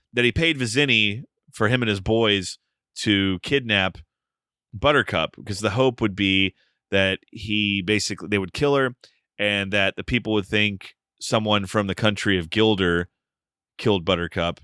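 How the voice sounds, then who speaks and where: A man's voice: lowish voice, bright, forceful tone, clear, resonant tone, no echo, studio quality. A man co-hosting a podcast, recapping a film plot in a wry, joking way. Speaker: podcast co-host. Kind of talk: casual film discussion.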